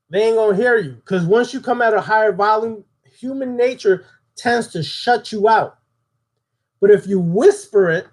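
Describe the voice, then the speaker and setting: A man's voice: high-pitched, darkish tone. A man giving a spoken occult lesson, preaching and putting questions to his audience. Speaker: occult teacher.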